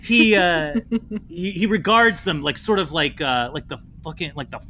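A man's voice: fairly high pitch, moderate pace, bright, forceful tone, a little hiss or hum. A man narrating as game master of a tabletop role-playing game, loose and playful, often laughing.

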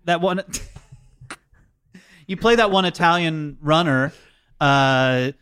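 A guest comedian with a smooth, resonant voice, eagerly talking through scenes. He sounds dry and close to the mic. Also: fairly high pitch, slow pace, fairly bright tone, no room sound.

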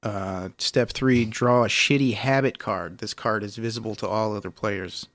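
A man with a fairly low voice cohosts a comedy podcast and reads game rules in a laid-back way, swearing now and then. His voice is recorded close and dry. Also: steady tone, normal speed, a bit bright, no echo. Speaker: podcast co-host.

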